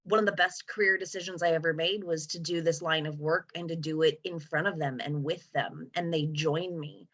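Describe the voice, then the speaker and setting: A woman speaks earnestly on a video call, her voice slightly low, describing her hospice work in a thoughtful tone. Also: steady tone, moderate pace, few pauses, fairly bright tone, poor audio. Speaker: hospice worker. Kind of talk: casual chat on a video call.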